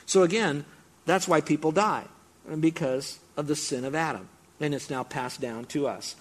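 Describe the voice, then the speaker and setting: A man's voice: a little high, normal speed. A middle-aged man preaching a sermon, explaining scripture with emphatic, repeated build-ups. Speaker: pastor.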